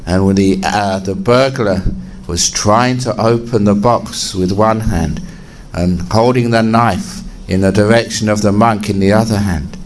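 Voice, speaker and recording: A man, a Buddhist monk, telling a story in a dharma talk with lively rises for emphasis. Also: a little hiss or hum. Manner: animated storyteller, jumping to high pitch for emphasis.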